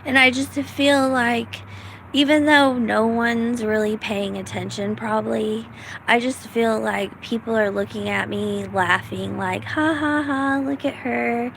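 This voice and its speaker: Gravelly, chatty middle-aged woman vlogging. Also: on the high side, flat delivery, a little slow, fairly bright tone, a little hiss or hum, rough recording. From United States. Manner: chatty, rambling, self-deprecating, with many fillers. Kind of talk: casual rambling monologue.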